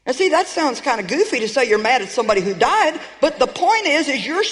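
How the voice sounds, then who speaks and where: A woman preacher delivers an emphatic sermon, calling out to her audience with rhetorical questions. Her voice is a little high and animated, and she talks fast. A large hall gives the recording a long reverb.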